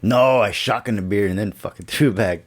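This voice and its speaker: Podcast guest, man, fairly low voice, laid-back, cusses a lot. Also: brisk. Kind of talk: casual podcast chat.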